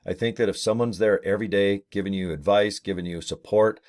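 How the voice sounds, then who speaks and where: A man's voice: on the low side, steady tone, brisk, darkish tone. A middle-aged man casually vlogging to his webcam, rambling and cracking jokes. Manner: joking, rambling, slips into silly voices for bits. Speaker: network marketing vlogger. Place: home office with ring light.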